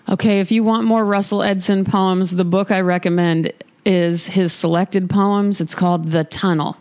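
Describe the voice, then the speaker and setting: A woman's voice: mid-range voice, fairly even intonation, normal speed, a little mellow, clear, resonant tone. A woman podcast host in her studio, chatting candidly and emphatically between poetry readings. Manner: candid, emphatic, self-deprecating. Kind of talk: casual chat and poetry reading.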